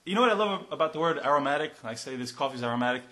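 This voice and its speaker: Young male host, bright and a bit high-pitched, playful teasing banter. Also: racing. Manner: joking, teasing, animated. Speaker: podcast host. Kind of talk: casual comedic chat.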